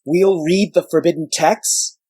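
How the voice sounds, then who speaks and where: A man's voice: a little high, fairly even intonation, a little slow, dark tone, husky, pitched above the performer's own voice. A man voicing an eager young male acolyte, speaking in a raised, earnest tone.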